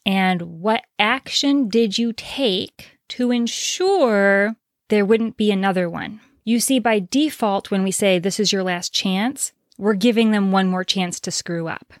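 A woman's voice: medium pitch, dry recording, clean studio sound. A woman hosting a solo advice podcast, explaining her points directly and asking rhetorical questions. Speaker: podcast host.

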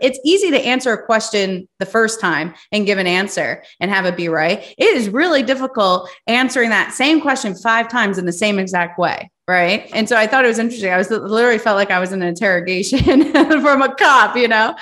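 A woman's voice: on the high side, a little fast, hardly any pauses, fairly bright tone. A woman hosting a business conversation, talking casually and acting out her own reactions. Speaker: podcast host.

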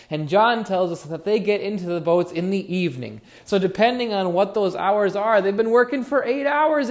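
A man's voice: high voice, a little mellow. A man preaching a sermon as pastor, earnest and musing, leaning on words for emphasis. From Oregon.

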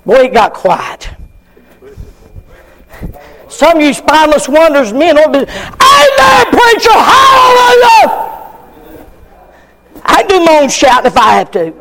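An older man preaching a fiery sermon, shouting at times and acting out members of the congregation. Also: very high voice, lively intonation, moderate pace, pauses often, over a noisy crowd, very noisy.

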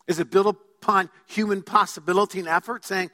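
A man's voice: high voice, steady tone, normal speed, sharp tone. A man preaching a sermon as pastor, emphatic, putting questions to his congregation. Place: church sanctuary. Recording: long hall reverb.

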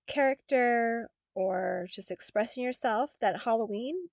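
A woman's voice: medium pitch, no room sound. A woman co-hosting a podcast in casual chat, speaking in an easygoing, reflective way with frequent "like.". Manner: easygoing, reflective, uses "like" often. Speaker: podcast co-host.

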